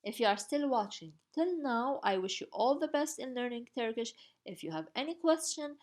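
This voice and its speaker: A woman's voice: fairly high pitch, expressive, normal speed, darkish tone. A woman teaching a grammar lesson, patiently spelling out each form step by step. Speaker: language teacher.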